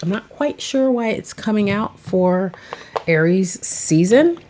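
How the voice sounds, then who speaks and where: A woman's voice: medium pitch, lively intonation, slow, a little mellow, a little hiss or hum. A woman chatting casually about her tarot decks, rambling and saying "like" a lot. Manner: chatty, rambling, says "like" often. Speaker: tarot reader and vlogger. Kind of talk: casual chat.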